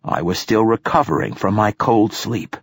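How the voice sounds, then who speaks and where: A man voicing a very old, raspy male poet who talks gruffly and swears, in an audiobook. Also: lowish voice, animated, normal speed. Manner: profane and gruff. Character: raspy ancient male poet, crude and forceful.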